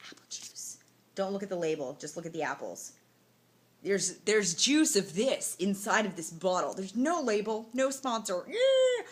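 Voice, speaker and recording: A young woman vlogging casually from a hotel room, telling a story in a tired, emotional but animated way, full of fillers like "like" and "you know". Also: medium pitch, normal speed, husky. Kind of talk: casual vlog to camera.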